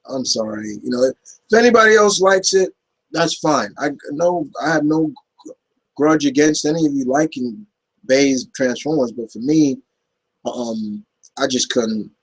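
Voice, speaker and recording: A man's voice: medium pitch, unhurried, slightly rough, rough recording. A man hosting a casual Q&A video, answering viewer questions in a rambling way with many fillers and restarts. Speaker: YouTube Q&A host. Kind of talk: casual Q&A chat.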